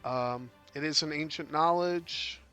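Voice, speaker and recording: A man's voice: on the high side, a little slow, clear, resonant tone, faint music behind. Tired, drawling male game commentator. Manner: relaxed, rambling, with many fillers and yawns.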